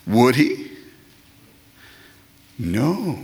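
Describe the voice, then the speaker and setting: Lively, emphatic male preacher. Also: a little high, a little slow, slightly rough. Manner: acts out short comic voices of worshippers and God; emphatic, repeats phrases for effect. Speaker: pastor. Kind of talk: sermon.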